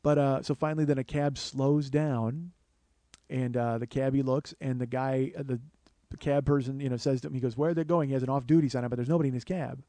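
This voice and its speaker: A man in his forties, a comedian hosting his podcast, telling a story in an animated, profane, exasperated way on a close studio mic. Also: mid-range voice, fairly quick, dry recording. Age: 40s. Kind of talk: comic storytelling monologue.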